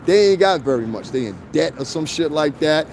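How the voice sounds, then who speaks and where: Out in the cold on a city street, this livestream host, a middle-aged man from New York, reads viewer comments and drifts into loose, profane stories. He sounds animated and brisk, with a fairly high pitch and a darkish tone, over slight background noise.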